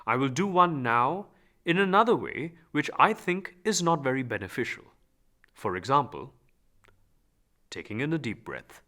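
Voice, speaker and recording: A male voice coach leads a gentle training exercise, speaking in a calm, instructive way. His tone is bright and clear, and his pitch moves in a lively, animated way as he demonstrates. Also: moderate pace. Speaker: voice and speech teacher. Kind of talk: guided voice lesson.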